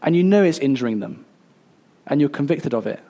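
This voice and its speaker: A man in his thirties preaching a sermon, earnest and a little halting, with fillers and restarts. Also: a little high, expressive, dark tone. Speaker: pastor.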